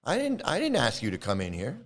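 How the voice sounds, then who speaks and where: Angry, swearing man with a lively pitch. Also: fairly quick. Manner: angry, profane, confrontational. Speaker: YouTube channel host. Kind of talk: profane live-stream rant.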